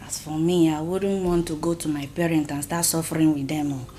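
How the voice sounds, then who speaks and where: An actress with a Nigerian accent playing a sly, prying wife in a royal palace. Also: female voice, low-pitched, fairly even intonation, a little fast, dark tone, a little hiss or hum, natural voice.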